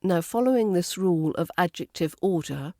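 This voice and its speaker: A woman's voice: on the low side, animated, normal speed, a little mellow, no room sound, clean studio sound. A woman with a British RP accent, an accent coach reading a scripted lesson and modelling phrases carefully. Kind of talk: scripted teaching narration.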